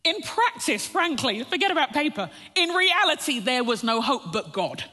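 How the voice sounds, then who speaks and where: A woman's voice: sits high, very animated, moderate pace, bright, forceful tone. Woman preaching in an echoey hall. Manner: storytelling, often breaks into a laugh, calls the listeners "friends". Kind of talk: personal testimony sermon. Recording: long reverb of a large hall.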